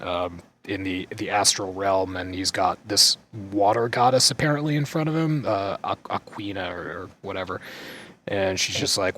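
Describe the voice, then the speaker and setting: A man's voice: sits low, sharp tone. A man co-hosting a casual gaming podcast, talking in a rambling, jokey way with lots of restarts. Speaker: podcast co-host.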